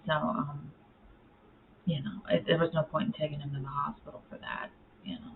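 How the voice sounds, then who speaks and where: A vlogger talks casually at home in a low-pitched, flat voice at normal speed, filling her rambles with fillers and cooing baby talk to her cats. It's tinny, phone-like audio with a faint hiss.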